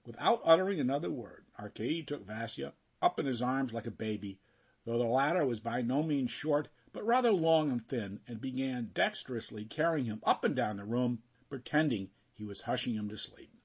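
A man narrating a classic novel in an expressive, storytelling way. His voice is husky and sits in a middle range. His delivery swings widely in pitch as he shapes each sentence. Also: normal speed. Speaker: audiobook narrator. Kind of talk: scripted narration.

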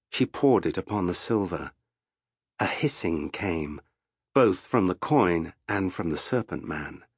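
A man narrating a fantasy story for an audiobook in a slow, measured storytelling voice. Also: fairly low pitch, breathy edge, no echo, clean studio sound.

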